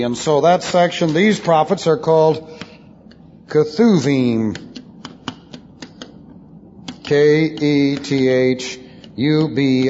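A man's voice: on the high side, darkish tone. A man teaching the Bible as a pastor, spelling out Hebrew and Greek terms letter by letter and adding dry asides. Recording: dull lo-fi tape in a reverberant hall.

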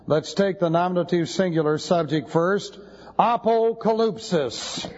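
A pastor teaching the Bible lectures emphatically, pausing to spell Greek words out letter by letter, his slightly high voice expressive, measured and a little mellow. The recording is dull, lo-fi tape with the long reverb of a church hall.

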